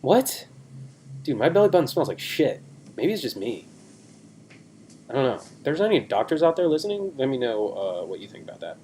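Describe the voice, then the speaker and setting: A man's voice: medium pitch, very animated, brisk, darkish tone, slight background noise. A young man in his twenties, a podcast co-host, chatting in a rambling, self-deprecating way on a video call. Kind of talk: casual chat.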